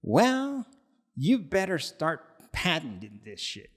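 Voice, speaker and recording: A man's voice: extremely high pitch, huge pitch swings, takes it slowly, vocal fry, husky, voice pushed up, full character voice. A man putting on a furious, cursing friend. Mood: exasperated. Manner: shouting, cursing, exasperated.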